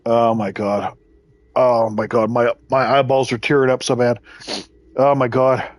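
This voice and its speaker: A man's voice: medium pitch, flat delivery, unhurried, no echo. Giggly, foul-mouthed male streamer. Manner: giggly, swears freely. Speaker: gaming streamer. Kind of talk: casual live-stream commentary.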